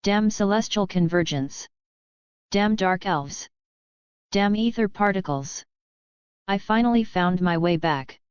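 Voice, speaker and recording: A woman's voice: medium pitch, smooth, no echo, close to an everyday voice. A woman voicing a fierce, clever young witch girl who bursts out in fury and gives commands, in an audiobook reading. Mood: furious. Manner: furious outbursts, quick and commanding. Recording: muffled lo-fi recording.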